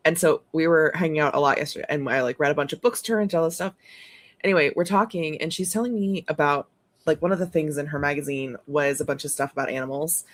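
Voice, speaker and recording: A woman chatting casually as co-host, telling animated stories and laughing often. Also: sits low, fast talker. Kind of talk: casual chat.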